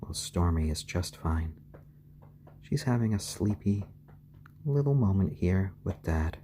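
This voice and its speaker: Soft-spoken low-voiced man. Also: slow pace, a little hiss or hum. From born in Japan to British parents. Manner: soft, low-key and soothing, with fillers. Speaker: live-stream host. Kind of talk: calm live-stream chat with chicks.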